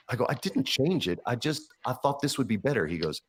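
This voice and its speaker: This podcast guest, a man in his forties, talks briskly at a fairly low pitch. He spins animated, profane backstage stories, playing out everyone else's dialogue as he goes.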